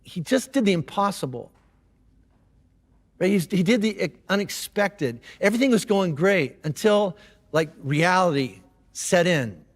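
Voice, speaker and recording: High-voiced pastor in an echoing hall. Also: male voice, animated, unhurried. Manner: casual and conversational, with slang and restarts. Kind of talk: sermon.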